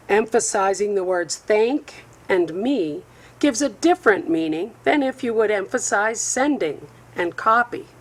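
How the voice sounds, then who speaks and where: A woman narrating a slide lesson as an instructor, reading a script in a measured, deliberate way. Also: medium pitch. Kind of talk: scripted voice-over lecture.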